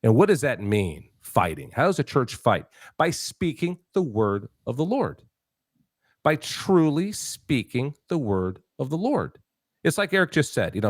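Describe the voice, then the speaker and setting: A man's voice: medium pitch, no room sound, clean studio sound. A man hosting a political talk show, emphatic and preachy, full of restarts and rhetorical questions. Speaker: show host.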